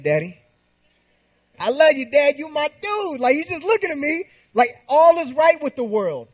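A man in his thirties preaching through a comic personal story, animated and slangy. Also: extremely high pitch. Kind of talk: humorous sermon storytelling.

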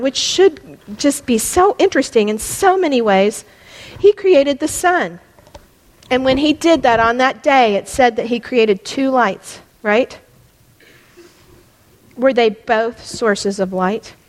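A middle-aged woman teaching a Bible lesson in a church hall, impassioned and pressing her points, rising almost to a yell. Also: fairly high pitch. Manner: impassioned, rising to near-yelling at peaks. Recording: long hall reverb.

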